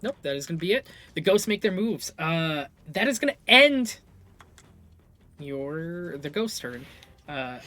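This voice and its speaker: A man's voice: fairly high pitch, sing-song, unhurried, sharp tone. A man narrating as game master of a live tabletop game, loose and full of fillers.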